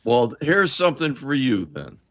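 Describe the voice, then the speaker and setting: A man's voice: medium pitch, huge pitch swings, normal speed, no room sound. A man hosting a casual chat show, talking in a blunt, enthusiastic way. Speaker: podcast host.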